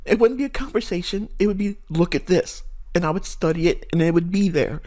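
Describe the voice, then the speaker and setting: A man speaking with fervent conviction, his fairly high voice pressing each point hard. He shifts between low, quiet stretches and raised, intense bursts, sounding almost like a preacher. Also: fast talker. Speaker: forex trading educator. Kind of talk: impassioned monologue.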